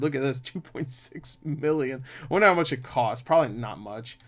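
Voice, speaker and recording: A man's voice: mid-range voice, expressive, moderate pace, hardly any pauses, a bit bright. A man chatting casually about box office numbers as a movie reviewer, swearing freely and laughing often.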